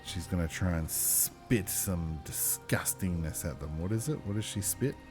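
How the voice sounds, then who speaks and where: A man running a tabletop game as game master, chatty and thinking aloud, with lively exclamations. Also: deep voice, a little slow, music in the background.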